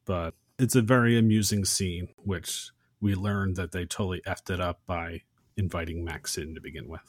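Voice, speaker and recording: A man co-hosting a film podcast, retelling a movie scene in a casual, animated way and acting out the characters' lines. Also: low voice, moderate pace, no room sound, clean studio sound. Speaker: podcast co-host.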